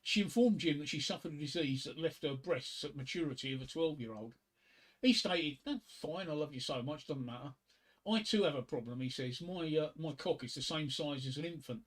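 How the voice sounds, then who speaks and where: A man hosting a livestream, telling crude jokes and reading poetry in a rambling, halting way with many fillers and restarts. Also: fairly high pitch. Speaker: livestream host.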